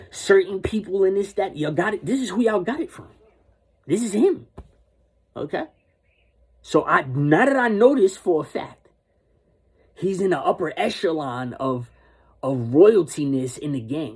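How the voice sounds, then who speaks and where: A man's voice: high-pitched, a little mellow, breathy edge. A man delivering a rambling, insistent monologue rant, repeating and restarting his phrases.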